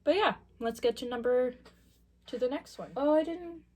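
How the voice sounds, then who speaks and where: A woman's voice: high-pitched, normal speed, darkish tone. A young woman, a music student, chatting casually as she reacts to a song cycle, thinking aloud and picking apart the music. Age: young adult. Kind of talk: casual listening reaction commentary.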